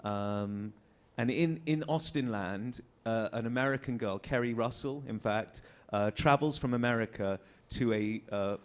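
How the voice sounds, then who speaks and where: An English man talking as a guest on a convention panel, telling casual anecdotes, chatty, laughing often and trailing into fillers. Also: mid-range voice. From England.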